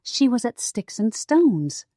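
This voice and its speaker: A woman's voice: on the high side, sing-song, slow, mellow, dry recording, studio quality, voice pushed up, exaggerated voice. A woman voicing a casual, offhand adult sister in an audiobook.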